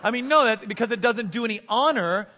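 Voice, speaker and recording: A man in his thirties preaching a sermon as pastor, moving between soft, intimate talk and loud, emphatic passages. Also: very high-pitched, animated, a little fast, big-room sound.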